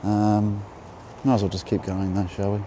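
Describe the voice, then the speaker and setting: A man's voice: lowish voice, flat delivery, normal speed, mellow. A man talking as he walks through a church garden by the harbour, musing and offhand. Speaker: vlogger. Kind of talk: walking tour vlog with talk. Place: outdoors by a harbour. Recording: outdoor noise and passing vehicles. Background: outdoor ambience and traffic.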